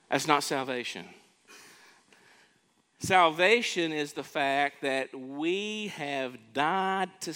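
A man's voice: fairly high pitch, fairly bright tone. A man preaching a sermon, emphatic and questioning his congregation, repeating words as he builds each point. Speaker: pastor.

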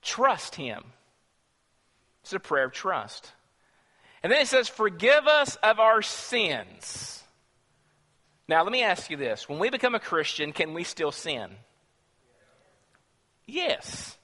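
A man preaching with an emphatic, questioning delivery, his voice fairly high and forceful. Long reverb from a large hall trails behind every phrase. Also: big pitch swings, unhurried, long pauses. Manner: emphatic, rhetorical questions to the congregation. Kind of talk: sermon.

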